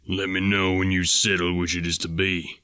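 A man voicing a stern, quick-tempered older male farmer who talks in a gruff, sardonic way. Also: low-pitched, level tone, sharp tone, dry recording, studio quality. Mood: angry.

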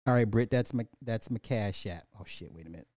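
Man livestreaming, loose profane rant, mellow dark voice, dry close sound. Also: fairly low pitch, a little fast, dry recording. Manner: profane, loud and animated, with laughs and asides to the chat. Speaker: livestream host.

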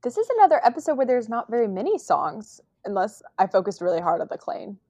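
A woman's voice: medium pitch, big pitch swings, fast, dark tone, dry recording. A woman co-hosting a podcast in casual chat, emphatic and laughing often. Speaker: podcast co-host.

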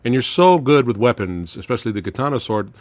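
A man's voice: mid-range voice, animated, fast talker, dry recording. A man co-hosting a podcast, asking questions in an enthusiastic, casual way with short affirmations. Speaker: podcast co-host.

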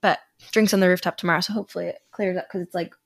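Casual podcast co-host, woman, 30s, rambly and chatty; low register with vocal fry. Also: steady tone, very fast, no room sound, studio quality. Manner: chatty, rambling with many fillers. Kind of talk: casual chat.

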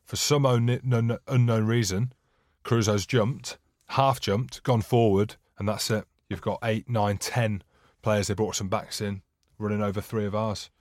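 Low-pitched man, measured explainer in casual chat, dry close sound. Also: steady tone, darkish tone, no room sound. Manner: explanatory, measured, breaks down tactics. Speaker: podcast co-host, retired rugby player.

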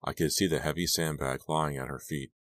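Male audiobook narrator, very deep voice, steady measured reading, dry sound. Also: dry recording. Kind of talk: scripted first-person narration.

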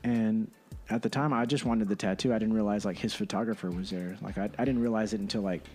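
A man in his thirties from Texas telling animated stories in casual chat, swearing freely. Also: lowish voice, fast talker. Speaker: podcast guest.

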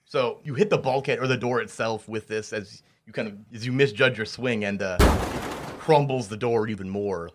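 A man's voice: on the low side, normal speed, slight background noise. A man running a tabletop role-playing game as game master, narrating the action with frequent laughter and rambling restarts.

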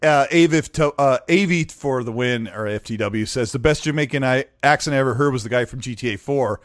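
A man's voice: mid-range voice, fairly quick, dry recording, studio quality. A man hosting a live stream, chatting casually and reading out viewer messages. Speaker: streamer host.

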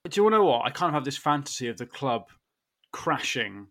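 A man's voice: medium pitch, big pitch swings, fairly quick, fairly bright tone. A man from England talks as a podcast guest, wry and self-deprecating. His voice sits mid-range, and he laughs easily as he rambles through his memories. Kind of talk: casual chat.

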